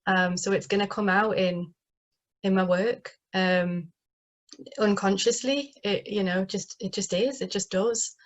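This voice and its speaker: A woman's voice: medium pitch, fairly even intonation, unhurried. A woman from northeast England with a northeast English accent, a playwright talking casually in an interview, chatty and full of fillers and restarts, heard over a video call. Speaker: playwright guest.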